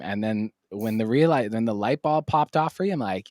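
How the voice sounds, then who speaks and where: A man hosting a live stream from home, bantering with guests in an energetic, hype style. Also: on the low side, a little fast, no room sound, clean studio sound. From Canada. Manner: energetic hype banter, sing-song outro. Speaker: host.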